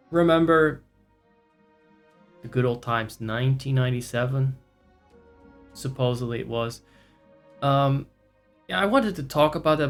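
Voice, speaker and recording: Sarcastic, rambling male streamer. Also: mid-range voice. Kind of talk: casual live-stream chat with viewers.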